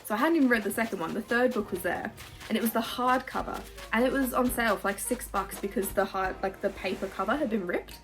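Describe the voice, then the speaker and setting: A young Australian woman in her twenties chatting casually through a Q&A while she plays a game, gushing and animated, full of fillers and swearing. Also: mid-range voice, fast. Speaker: YouTuber. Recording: music playing behind.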